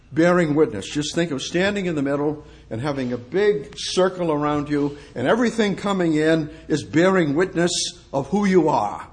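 Man, preacher, sermon, slightly high voice, emphatic rhetorical questions, slow scripture reading. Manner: emphatic, rhetorical questions, swings between soft and exclamatory; reads scripture slowly and deliberately. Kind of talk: expository sermon.

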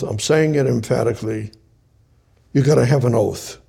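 Gravelly-voiced man teaching a Bible study. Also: mid-range voice, dark tone. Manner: halting, repeats and restarts phrases.

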